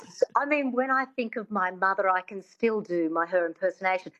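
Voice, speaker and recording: A woman who grew up in Australia works as a dialect coach, breaking sounds down and saying them slowly for her student. The recording is a little dull and muffled. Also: mid-range voice, a bit bright. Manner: demonstrative, slows down to model sounds. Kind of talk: teaching an accent in an interview.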